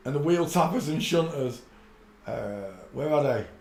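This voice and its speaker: Guy on a live stream, talks slow and mumbly, kinda high voice, roomy echo. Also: lively intonation, vocal fry, darkish tone, a little hiss or hum. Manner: rambling, muttering while searching. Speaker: channel host. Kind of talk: casual live-stream commentary. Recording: echoey room.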